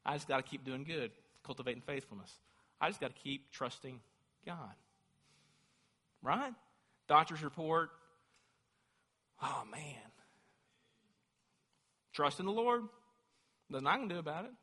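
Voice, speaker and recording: A man's voice: a little high, lively intonation, moderate pace, long pauses, bright, forceful tone, slightly rough. A man preaching a sermon as a pastor, speaking with fervent emphasis that rises into emphatic declarations. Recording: long hall reverb.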